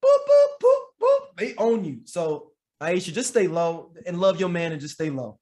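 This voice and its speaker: A man with a high voice co-hosts a casual podcast chat. He talks in a laid-back, joking way, full of fillers and quick repeats. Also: animated, a little mellow. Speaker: podcast co-host.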